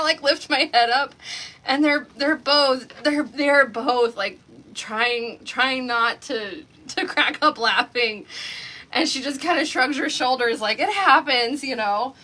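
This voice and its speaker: A woman's voice: high voice, pushed and bright. A woman from Oklahoma, hosting a craft livestream and telling a story to her viewers in a chatty way, breaking into laughter often. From Oklahoma, USA. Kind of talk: casual chat on a livestream.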